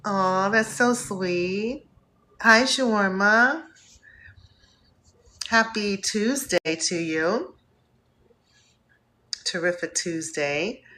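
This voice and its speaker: A woman from Northeast Ohio hosting a live stream, warmly greeting viewers by name in an effusive, upbeat way. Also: medium pitch, very slow, pauses often. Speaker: host.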